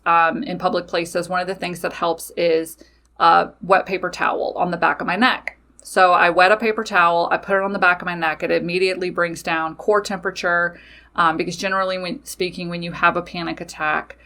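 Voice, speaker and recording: Bright-voiced woman telling stories. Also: lowish voice, a little fast. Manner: candid, animated storytelling with casual swearing. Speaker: podcast host. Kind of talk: personal storytelling.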